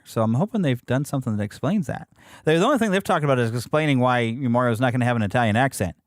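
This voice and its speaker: A podcast host from the United States rambles on in a chatty, animated way, talking quickly with a lively, swooping pitch. His voice is recorded dry, with no room sound. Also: no room sound. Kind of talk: casual chat.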